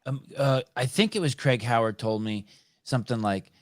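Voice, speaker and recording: A man's voice: mid-range voice, lively intonation, moderate pace, no room sound. Male podcast host, blunt and profane, riffs freely, dry close sound. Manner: blunt, profane, riffing on ideas. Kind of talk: casual interview conversation.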